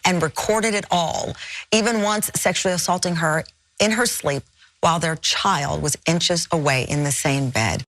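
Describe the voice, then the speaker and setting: A woman hosting a live daytime talk show in a TV studio, energetic, conversational and sincere as she welcomes viewers and questions her guests. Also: on the low side, moderate pace, slight background noise.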